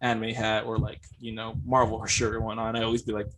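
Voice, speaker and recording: Man, podcast guest, husky voice, quick talker, laid-back, cursing, casual chat. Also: on the low side, completely flat delivery, a bit bright. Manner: laid-back, swears freely, acts out quoted people.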